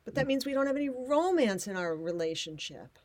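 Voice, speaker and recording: A middle-aged woman from the United States hosting a podcast with her husband, upbeat and quick to laugh. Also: on the high side, no echo. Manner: animated, upbeat, laughs easily. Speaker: podcast host. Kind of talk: casual chat with a scripted intro.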